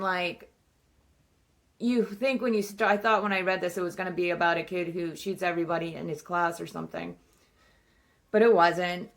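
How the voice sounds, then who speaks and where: A woman's voice: fairly low pitch, gravelly, fairly bright tone. A young woman chatting casually about a book she read, rambling, swearing freely and saying "like" a lot. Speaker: book vlogger. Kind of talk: casual book review chat.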